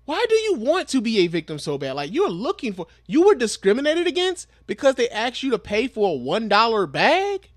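High-voiced man giving blunt commentary. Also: wildly swooping pitch, brisk, hardly any pauses, no room sound, clean studio sound. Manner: blunt, profane, exasperated. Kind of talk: casual commentary.

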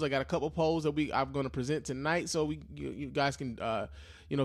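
A young man hosting a live podcast in loose, profane slang, talking casually and with a lot of energy. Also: on the high side. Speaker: podcast host.

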